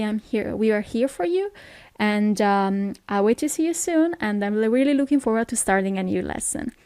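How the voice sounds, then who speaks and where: A woman teaching beginner phrases, repeating each one slowly and checking in with her listeners. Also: a little high, darkish tone, smooth, dry recording. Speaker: Italian language teacher. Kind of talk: slow, clear phrase lesson.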